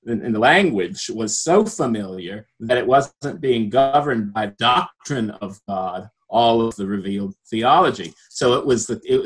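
A man's voice: medium pitch, breathy edge, low-quality recording. A man in a casual discussion, thinking aloud with frequent restarts and a reflective manner. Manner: hesitant, many restarts, reflective.

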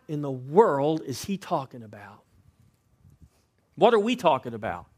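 A pastor preaching a sermon, swinging between loud emphasis and hushed asides and asking rhetorical questions. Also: male voice, on the high side, sing-song, a little slow, long pauses. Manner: asks the congregation rhetorical questions.

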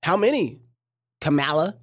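Lively, joking woman streamer. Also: deep voice, normal speed. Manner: animated, joking, preachy asides. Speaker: livestream host. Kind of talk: casual reaction commentary.

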